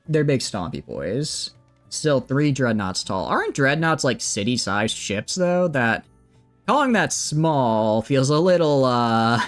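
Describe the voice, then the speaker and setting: Lively chatty male game streamer. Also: medium pitch. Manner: chatty, thinks aloud, greets chat. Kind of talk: casual gameplay commentary.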